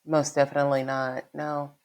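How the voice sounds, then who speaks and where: A woman's voice: deep voice, flat delivery, moderate pace, darkish tone. A woman guesting on a casual podcast chat, frank and chatty, agreeing and adding her own takes. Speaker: guest co-host.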